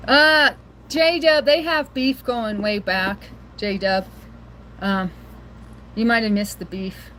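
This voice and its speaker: A woman's voice: fairly high pitch, slow pace, long pauses, fairly bright tone, slight background noise. A woman hosting a casual livestream, chatting and rambling to viewers and laughing often, recorded on a handheld phone. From rural area near Boise, Idaho. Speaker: livestream host.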